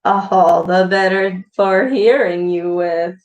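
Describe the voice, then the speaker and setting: A woman voicing a big bad male wolf disguised as grandma, in a strange, wobbly, drawn-out voice. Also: fairly low pitch, fairly even intonation. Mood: sly. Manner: slow, drawn-out delivery. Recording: echoey room.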